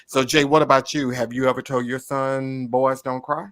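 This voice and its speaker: Man, podcast host, bright forceful tone, casual interview, short follow-ups. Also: medium pitch, flat delivery, moderate pace. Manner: asks short follow-up questions.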